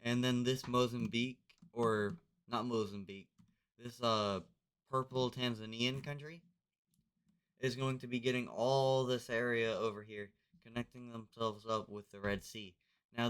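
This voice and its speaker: A man's voice: medium pitch, a bit bright, clean tone. A man narrating a map game casually, loose and rambling with lots of fillers. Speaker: video narrator.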